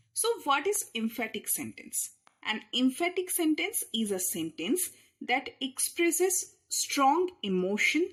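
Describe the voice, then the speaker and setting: Woman teaching grammar, slow pace, bouncy lively pitch, slightly husky voice, stresses key words. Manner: slow, explains point by point with repeated examples; leans hard on key words when showing emphasis. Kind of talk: slide-by-slide grammar lesson.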